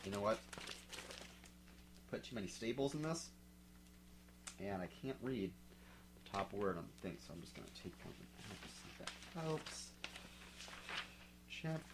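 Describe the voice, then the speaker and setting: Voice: sits low, big pitch swings, moderate pace, long pauses, background noise. A reader giving a mocking dramatic read-aloud while drinking malt liquor, with sarcastic asides along the way.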